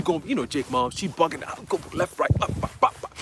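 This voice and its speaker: Young man with a raised pitch, giving a slangy, animated church testimony; noisy, clicky recording. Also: quick pace, hardly any pauses. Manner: casual slang, excited, quotes others in dialogue.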